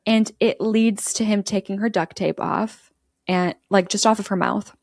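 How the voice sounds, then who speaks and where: A woman chatting through a film recap, giggling as she quotes the characters. Her voice has a gravelly fry and sits at an ordinary pitch. The sound is dry and close. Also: steady tone, a little slow, darkish tone, no echo. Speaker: podcast host recapping a film. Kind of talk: casual storytelling recap.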